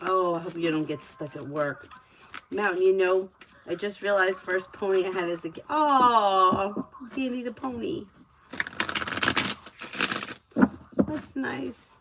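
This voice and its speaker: On a live stream, a woman gives tarot readings and tells lively stories between them, chatty and giggly throughout. Her voice is medium-pitched at a moderate pace, with background noise present.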